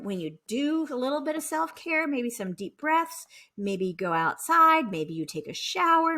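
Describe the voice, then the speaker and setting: A woman's voice: a little high, fairly bright tone. A woman business coach giving a casual, encouraging motivational talk and acting out the worried inner voices of her listeners.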